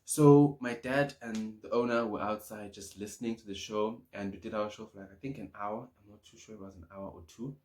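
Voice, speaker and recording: Lively young man telling his story. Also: on the low side, fairly quick, few pauses. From Swaziland. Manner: animated, acts out his own past thoughts. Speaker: YouTuber. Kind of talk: casual storytelling to camera.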